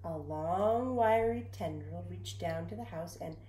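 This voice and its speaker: Woman reading a kids story out loud, expressive, whispers bits, echoey room. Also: lowish voice, unhurried. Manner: expressive, dips to whispers, talks to the listener. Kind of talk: storybook read-aloud.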